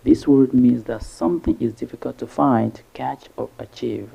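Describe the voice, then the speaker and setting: A male English teacher narrates a vocabulary lesson, spelling each word out slowly by syllable. His voice is heavily gravelly and deep-toned, with a husky edge. The recording sounds dull and lo-fi. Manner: breaks words into syllables slowly and carefully.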